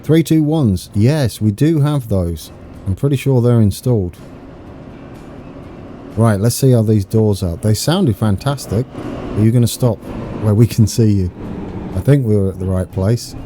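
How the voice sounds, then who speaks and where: A British man giving excitable, chatty live gameplay commentary, talking to his viewers as he plays. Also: on the low side, unhurried, pauses often, background noise. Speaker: game streamer.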